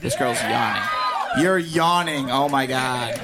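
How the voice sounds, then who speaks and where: A man's voice: mid-range voice, slow pace. A man hosting a comedy show on a club stage, hyping up the crowd and teasing audience members through a handheld mic. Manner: energetic, teasing crowd work. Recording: loud noisy club with crowd.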